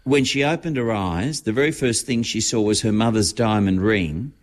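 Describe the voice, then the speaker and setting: A man's voice: lowish voice, moderate pace. A man chatting on radio as a regular entertainment correspondent, telling gossip stories. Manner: chatty, storytelling. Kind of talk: casual radio chat.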